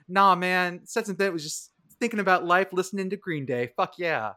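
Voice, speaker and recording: A man in his thirties co-hosting a casual podcast chat, animated and profane, often laughing. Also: high voice, fairly quick, few pauses. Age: 30s. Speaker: podcast co-host.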